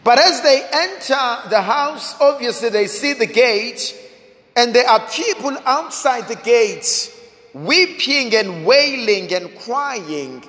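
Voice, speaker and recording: A man preaching a sermon, slow and dramatic, building through repeated rhetorical questions. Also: extremely high pitch, lively intonation, sharp tone. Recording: long hall reverb.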